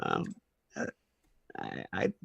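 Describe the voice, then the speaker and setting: A man's voice: fairly bright tone, no echo. A man playing a hesitant out-of-work adventurer. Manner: hesitant, halting with fillers. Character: down-on-his-luck male adventurer signing a contract.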